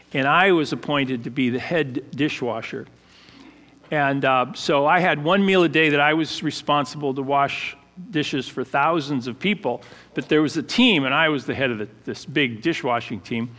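A man's voice: fairly high pitch, fairly bright tone, big-room sound. Man preaching a conversational sermon. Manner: conversational, halting with fillers and restarts. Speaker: pastor.

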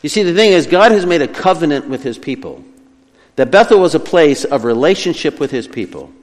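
A man preaching a sermon as pastor, earnest, slowing and softening when he voices God's words. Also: on the high side, very animated, faint music behind. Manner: earnest preaching, slows down and drops quieter for quoted words of God. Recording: long hall reverb.

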